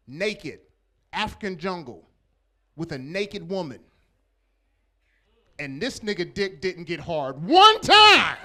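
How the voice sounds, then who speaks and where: Animated high-voiced stand-up comic. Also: male voice. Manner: loud, animated, profane storytelling with crowd work. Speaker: stand-up comedian. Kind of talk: stand-up comedy set. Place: comedy club stage.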